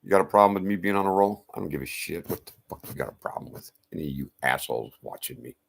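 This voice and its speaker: A man's voice: deep voice, expressive, fast, creaky. A man ranting to camera in a profane, confrontational, rambling way. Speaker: vlogger.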